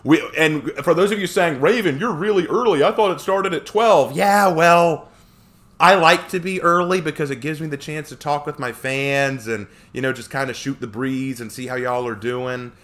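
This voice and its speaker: A man's voice: medium pitch, normal speed. A man live streaming who chats casually with viewers, reads their comments aloud and jokes around. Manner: animated, joking.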